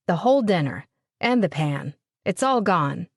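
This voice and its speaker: A woman voicing a gentle, simple-minded grown man who is childlike and worried, speaking plainly and repeating himself. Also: fairly low pitch, big pitch swings, measured pace, no echo, clean studio sound, heavily acted. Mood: troubled. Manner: plain repetitive speech.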